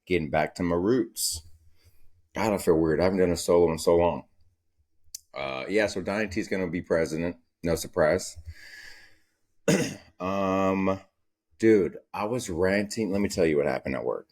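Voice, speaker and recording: Young man ranting on a podcast, low voice. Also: moderate pace, pauses often, darkish tone. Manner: profane, rambling, storytelling. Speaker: podcast host. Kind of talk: casual solo podcast rant.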